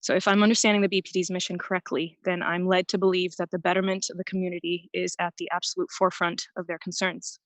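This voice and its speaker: A woman's voice: fairly low pitch, level tone, fast talker, few pauses, no echo, low-quality recording. A woman giving an earnest, prepared public comment at a council meeting over a remote call-in line, a little out of breath.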